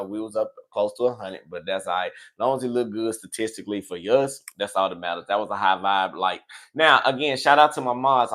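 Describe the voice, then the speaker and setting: A man reading tarot on a livestream, repeating affirmations and giving relaxed, chatty shout-outs, laughing easily. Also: mid-range voice. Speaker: tarot reader. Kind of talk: casual livestream sign-off with affirmations.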